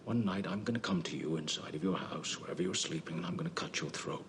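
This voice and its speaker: A ruthless old-time oilman with a vintage California accent. His low voice is rough and husky, and he delivers quiet threats at a quick clip. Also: full character voice. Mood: menacing. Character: ruthless early-1900s oilman, coldly threatening.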